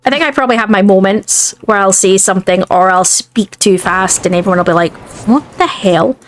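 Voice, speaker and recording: A woman's voice: medium pitch, fairly quick, faint music behind. Rambling Scottish woman gamer. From Scotland. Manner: rambling, chatty. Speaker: gaming video creator. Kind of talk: casual chat while playing a game.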